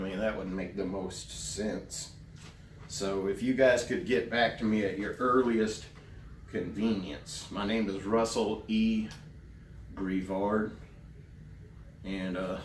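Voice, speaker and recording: A man playing a naive, earnest grown man who rambles slowly through a voicemail in deadpan comedy, recorded at a distance in a roomy space. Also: fairly low pitch, a little hiss or hum. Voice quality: rambling, meandering, slow and earnest. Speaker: comedy character leaving a voicemail. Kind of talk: deadpan character comedy monologue. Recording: roomy, distant mic, faint ambience.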